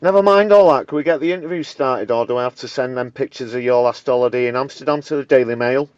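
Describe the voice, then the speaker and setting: A man's voice: medium pitch, fast, smooth, no echo, natural voice. A man doing a brash Mancunian woman politician. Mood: defensive. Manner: cocky, combative, slangy. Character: brash, blunt northern female deputy prime minister. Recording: dull, dry lo-fi recording.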